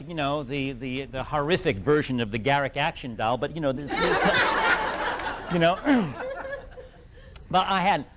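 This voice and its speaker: Animated middle-aged man telling stage stories. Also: on the high side, heavy background noise. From New England. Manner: animated, laughs often, many restarts. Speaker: guest actor at fan event. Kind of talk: casual anecdote telling. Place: event hall with audience.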